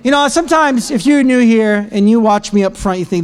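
A man preaching a sermon to a church congregation, energetic and joking, breaking into shouted praise. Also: very high-pitched, a little fast, smooth. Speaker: pastor. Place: church sanctuary.

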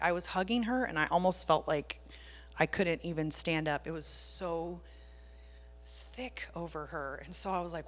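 A woman's voice: fairly low pitch, a little hiss or hum. A woman sharing a casual faith testimony, telling it with animation and dropping into whispers for emphasis. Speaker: Christian speaker sharing a testimony. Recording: long reverb.

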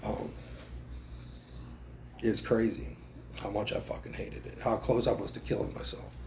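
A man's voice: fairly low pitch, level tone, measured pace, vocal fry, darkish tone, slight background noise. Swearing man sharing at a recovery meeting. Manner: casual, swears a lot, self-mocking, laughs between lines. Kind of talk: personal recovery story. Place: meeting room.

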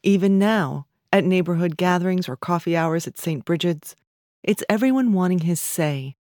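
Woman, low voice, literary fiction reading, measured, dry close recording. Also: expressive, a little mellow, no echo. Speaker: narrator.

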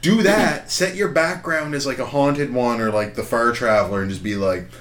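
A man's voice: medium pitch, moderate pace, fairly bright tone. A man chatting casually with friends, rambling through a long crude story with frequent laughs. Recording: echoey room with faint ambience.

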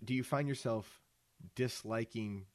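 A man co-hosting a casual comedy podcast, loud and profane, laughing often. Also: medium pitch, a little slow. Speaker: podcast co-host.

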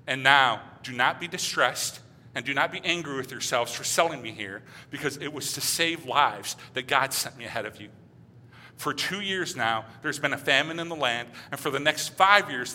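A man preaching a sermon in a conversational way, reading scripture aloud and dropping to quiet, hushed passages. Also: on the high side. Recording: hall reverb.

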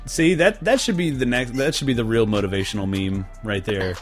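A man's voice: mid-range voice, a little fast, faint music behind. Rambling, profane young man on a podcast. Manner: rambling, profane, jokey storyteller. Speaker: podcast host. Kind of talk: casual podcast banter.

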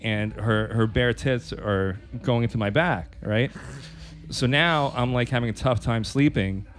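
A man's voice: medium pitch, a little slow. Man, casual podcast chat, rambling, repeats himself, laughing. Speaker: podcast co-host. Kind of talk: casual chat, telling a sex story.

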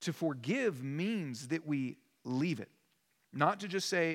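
Guy preaching a sermon, kinda high voice, earnest and emphatic, echo from a big church room. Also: expressive, slow. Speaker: pastor. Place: church sanctuary.

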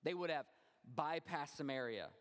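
A man preaching a sermon as pastor, expressive, often dropping low and quiet for emphasis. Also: moderate pace. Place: church. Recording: long church reverb.

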